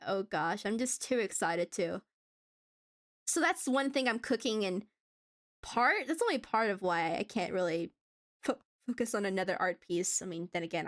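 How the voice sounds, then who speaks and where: A woman streamer chatting casually with her viewers while drawing, giggling often and stumbling over restarts. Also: on the high side.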